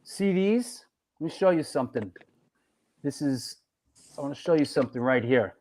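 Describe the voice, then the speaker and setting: A man's voice: mid-range voice, animated, normal speed, a little mellow. A middle-aged man hosting a casual chat, rambling and restarting his sentences. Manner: rambling, repeats words and restarts often. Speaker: host.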